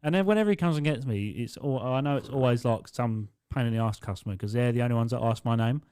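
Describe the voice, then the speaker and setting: A man's voice: mid-range voice, fast talker, clear, resonant tone, dry recording, clean studio sound. A young man co-hosting a podcast, telling work stories with lots of swearing and mocking impressions of customers. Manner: sweary, animated, mimics customers. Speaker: podcast co-host. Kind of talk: casual storytelling chat. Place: small studio.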